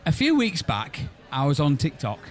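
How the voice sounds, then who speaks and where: A man's voice: a little high, wildly swooping pitch, normal speed, faint music behind. A man co-hosting a casual pub-themed podcast, chatting and giggling often. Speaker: podcast co-host. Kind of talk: casual chat.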